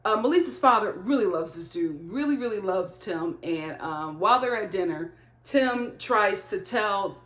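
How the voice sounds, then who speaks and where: A woman hosting a casual reality TV recap, talking in an animated, gossipy way with frequent laughs. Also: mid-range voice, moderate pace, echoey room.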